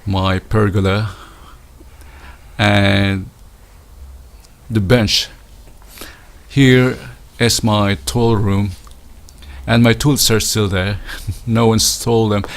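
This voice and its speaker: Outside in his winter garden, a Filipino man gives an informal walking tour at an unhurried, halting pace with many fillers and restarts. His voice is fairly low and creaky, with fairly even intonation.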